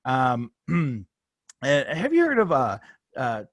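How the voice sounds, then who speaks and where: A man's voice: medium pitch, wildly swooping pitch, slow pace, no echo, studio quality. A man co-hosting a casual sports podcast, rambling and joking, swearing freely. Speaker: podcast co-host. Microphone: phone held up, on video.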